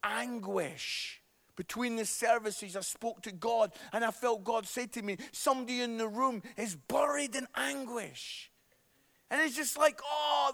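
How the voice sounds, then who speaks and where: A middle-aged man with a Scottish accent preaches to his congregation in a very high voice. He is lively and playful, teasing the room and checking in with a quick "yeah?" between points. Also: vocal fry. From Scotland. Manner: lively, jokey with the congregation, tag questions like "yeah?". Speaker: pastor. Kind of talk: sermon.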